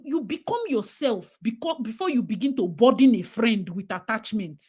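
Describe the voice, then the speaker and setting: A Nigerian woman with a slightly high voice speaks in a casual talk-show discussion. She talks emphatically, slips into Pidgin, and mimics parents as she makes her points. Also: expressive, brisk, hardly any pauses, a little mellow. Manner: emphatic, switching into Pidgin, acting out quoted parents.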